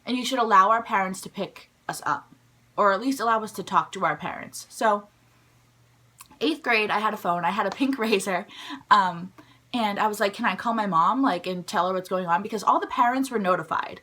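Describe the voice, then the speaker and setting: A young woman telling a story from her school days in a chatty vlog style, full of "like" and quick asides. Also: mid-range voice. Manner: chatty, animated, heavy use of "like". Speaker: vlogger. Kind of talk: casual storytime.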